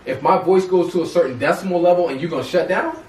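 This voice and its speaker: A man's voice: sits high, quick pace, a little mellow, a little hiss or hum. A man co-hosting a podcast, arguing his point insistently and talking over the others. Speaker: podcast co-host. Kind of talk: heated casual debate. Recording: roomy echo, mic at a distance.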